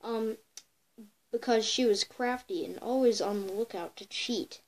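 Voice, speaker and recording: A woman's voice: on the high side, unhurried, darkish tone, low-quality recording. A girl telling a folk tale for a home video, reading with many stumbles and self-corrections. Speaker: storyteller.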